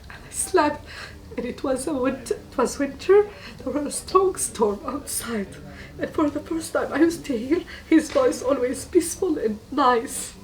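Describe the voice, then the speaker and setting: A woman from Tunisia, giving a personal testimony in an earnest, halting way and repeating words for emphasis. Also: high-pitched, animated, recorded from a distance, poor audio. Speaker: guest giving a faith testimony.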